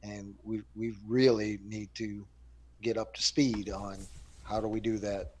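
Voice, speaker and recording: A man's voice: on the low side, flat delivery, unhurried, a little mellow, slight background noise. A man hosting a casual panel chat, rambling with many fillers and restarts.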